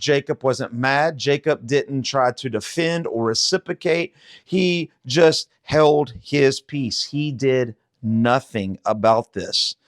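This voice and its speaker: Male Bible teacher, mid-pitched, loose conversational delivery with fillers. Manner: conversational, frequent fillers and rhetorical questions.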